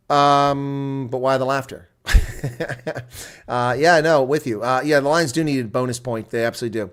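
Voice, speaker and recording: Man shouting excited rugby play-by-play. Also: mid-range voice, normal speed. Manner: erupts into loud excited shouts at big plays, then settles into chatty talk; casual, rambling, reads viewer comments. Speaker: live reaction commentator. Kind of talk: live play-by-play and color commentary.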